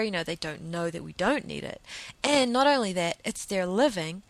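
A woman's voice: on the low side, lively intonation, normal speed, no echo. A woman hosting her own podcast, talking earnestly and thinking aloud, often repeating words as she goes. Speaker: podcast host. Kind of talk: solo podcast monologue.

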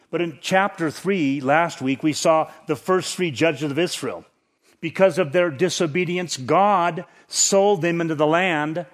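A man preaching a sermon as a pastor, teaching through scripture in a conversational way that lifts for emphasis. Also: a little high. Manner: conversational Bible teaching, rising emphasis on key points.

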